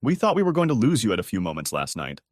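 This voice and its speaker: A man's voice: fairly low pitch, huge pitch swings, fast talker, dry recording, studio quality. A man voicing a kind British woman nurse who talks in a soothing, reassuring way. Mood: kindly reassuring.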